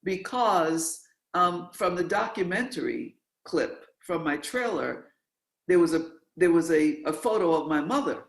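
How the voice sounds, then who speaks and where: An interview host from New York speaks with animated emphasis. Words are repeated for effect, and the voice sits in the middle of its range. The sound is roomy and echoey. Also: mid-range voice, a little slow, vocal fry. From New York, USA. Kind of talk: interview, conversational.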